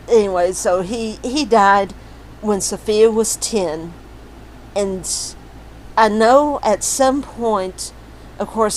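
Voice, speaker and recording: A woman's voice: mid-range voice, a little mellow, a little hiss or hum, rough recording. A woman casually walking through family history records on screen, rambling with lots of fillers and restarts. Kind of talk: casual screen-share walkthrough.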